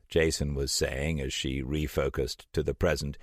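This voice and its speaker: A man narrating an audiobook in a measured storytelling manner. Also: very deep voice, flat delivery, no echo, studio quality.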